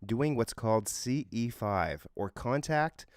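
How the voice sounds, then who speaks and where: A man's voice: medium pitch, animated, slow, clear, resonant tone, dry recording, studio quality. A man co-hosting a casual podcast, telling a story earnestly with frequent fillers and restarts. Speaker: co-host.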